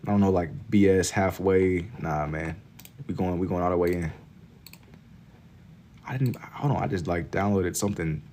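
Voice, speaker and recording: Young man from Kentucky, slightly low voice, laid-back slangy livestream chatter while drawing. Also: normal speed, long pauses, a little mellow, slight background noise. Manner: laid-back and slangy, reading chat aloud. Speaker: livestreaming artist.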